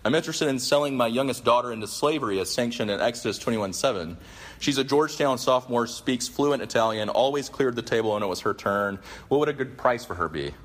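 A man's voice: mid-range voice, animated, fast talker, natural voice. A man reading out a sarcastic, indignant male president who mocks and rants in a raised voice during a sermon. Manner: mocking, raised voice, building tirade.

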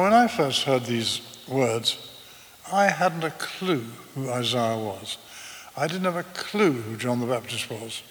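A man, preaching a sermon in a measured storytelling way. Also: mid-range voice, fairly bright tone, big-room sound, a little hiss or hum. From eastern England. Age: 80s. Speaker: pastor.

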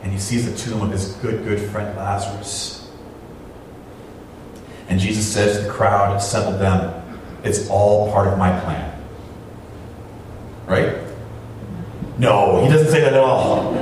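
Heard from a distance in an echoey hall with background noise, a man preaches at normal speed in a voice on the low side. He pauses often and draws the congregation in through rhetorical questions as their pastor.

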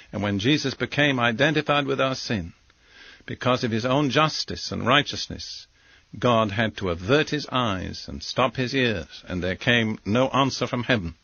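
A man preaching a sermon as a Bible teacher, speaking in measured, deliberate short phrases. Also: mid-range voice, vocal fry, fairly bright tone, breathy edge, no echo. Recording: dull, lo-fi dry recording.

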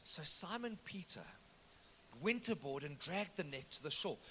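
A high-voiced man preaches a sermon in a large hall, and his voice rings out with a long echo. He tells the story with joking asides and a bright, forceful edge. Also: lively intonation, normal speed, slight background noise. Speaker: pastor. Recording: echoey hall.

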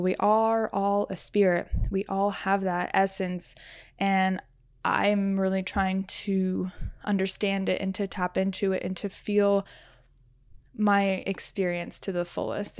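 A woman's voice: mid-range voice, flat delivery, a little slow, darkish tone, clear, resonant tone, no room sound, clean studio sound. A woman hosting a solo podcast as a riding coach, talking in an earnest, reflective way with many "like" fillers.

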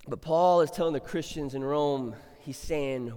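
A middle-aged male pastor preaching in a church sanctuary, his fairly high voice ringing through a long hall reverb. He talks in a relaxed, chatty way and then swells into emphatic exhortation. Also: normal speed. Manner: conversational, builds to emphatic exhortation. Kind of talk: sermon.

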